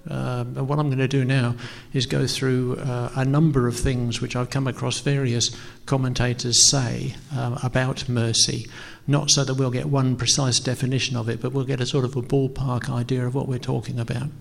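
A middle-aged male pastor gives a relaxed sermon, hesitating often with ums and gently poking fun at himself. His voice sits at an ordinary pitch with a gravelly edge. A long reverb trails off the walls of the church hall. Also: normal speed, few pauses. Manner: hesitant, self-deprecating, frequent ums. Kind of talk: conversational sermon.

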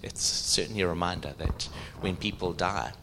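A middle-aged man preaching a sermon, animated, asking the audience questions. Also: deep voice, normal speed, a little hiss or hum.

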